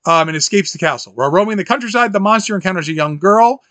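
High, bright-voiced animated man. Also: fast talker, dry recording. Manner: animated, quotes scenes in jumpy high voices, laughs often. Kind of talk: casual film recap chat.

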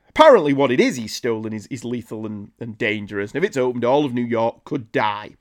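A man's voice: lively intonation, moderate pace. A man recapping an old comic with sarcastic, incredulous commentary. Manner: sarcastic, incredulous, jumps high in pitch when ranting. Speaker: comic book reviewer.

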